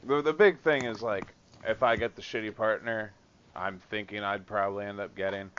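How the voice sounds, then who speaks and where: A man's voice: fairly low pitch, steady tone, moderate pace, a bit bright, clean tone. Venting man on a lo-fi podcast. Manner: swearing, laughing often, venting. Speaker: podcast co-host. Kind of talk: casual chat.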